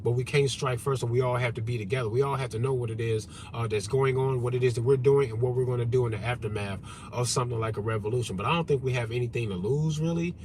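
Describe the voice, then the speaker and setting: A livestream host talks fast and with few pauses in a medium-pitched, darkish male voice, over slight background noise. His unscripted rant is blunt, profane and repetitive as he reads out his chat and answers it directly.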